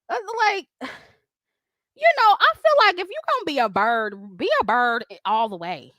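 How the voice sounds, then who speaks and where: A woman's voice: high-pitched, huge pitch swings, normal speed, fairly bright tone, no echo, clean studio sound. A woman hosting a livestream, ranting at critics in a confrontational, profane way, laughing often as she reads super chats.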